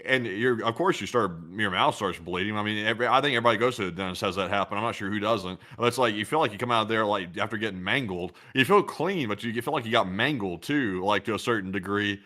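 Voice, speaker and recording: Southern guy chatting on a show, low voice, bright tone, rambles a lot. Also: fast, hardly any pauses. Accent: Southern American. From American South. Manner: rambling, storytelling with acted-out quotes. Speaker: co-host. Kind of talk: casual chat.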